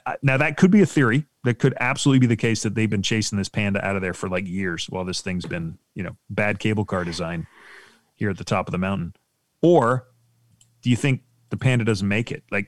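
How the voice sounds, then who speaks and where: A man chatting casually with friends while reacting to a video, animated and given to acting out little voices as he spins theories. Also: fairly low pitch, fast talker. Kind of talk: casual banter.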